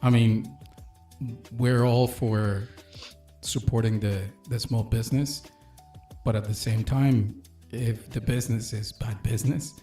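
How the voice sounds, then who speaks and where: A man speaking slowly and haltingly in a casual chat. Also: mid-range voice. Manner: slow, halting, flat delivery. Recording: echoey room, faint music.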